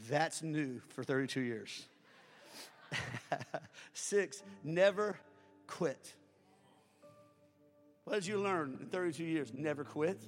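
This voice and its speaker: A man in his sixties, a pastor preaching a sermon that swells into fervent shouting. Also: a little high. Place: church sanctuary. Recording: reverberant church hall with music.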